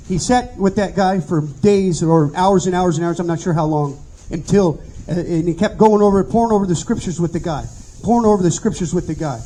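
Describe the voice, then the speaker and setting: A man delivers an informal sermon with a high-pitched, husky voice. His tone is mellow and dark, and he tells stories earnestly, often stumbling and repeating words as he restarts. He talks plainly and pleads with his listeners. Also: rough recording. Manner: stammering repetitions, earnest storytelling. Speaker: pastor.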